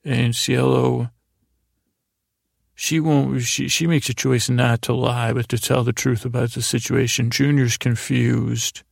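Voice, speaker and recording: Unhurried and creaky, with little pitch movement in his mid-range voice, a podcast host wanders through a drowsy summary of a TV episode. He keeps revising what he said and paraphrases the characters loosely, all in clean studio sound without room echo.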